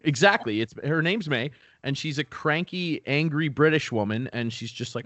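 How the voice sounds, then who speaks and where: A man's voice: a little high, normal speed, hardly any pauses, a bit bright, no room sound. A young man from Canada co-hosting a podcast, ranting in casual chat and swearing freely. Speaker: podcast co-host.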